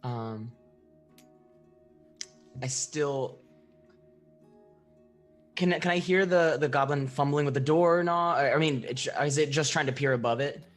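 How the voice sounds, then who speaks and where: Halting male tabletop player. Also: fairly high pitch, soft background music. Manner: halting, thoughtful. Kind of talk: playing a tabletop game.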